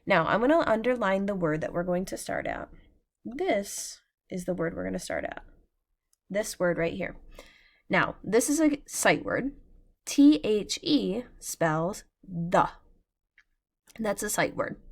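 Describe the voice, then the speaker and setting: An American woman teacher giving a patient, slow phonics lesson over a shared screen, sounding out words letter by letter. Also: medium pitch, very animated.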